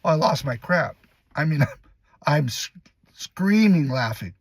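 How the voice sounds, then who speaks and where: A man who acts in commercials, casually telling a lively behind-the-scenes story and acting out what others said. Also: on the high side, a little slow, husky, no room sound. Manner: lively, laughs while telling, acts out other people's lines. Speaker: commercial actor.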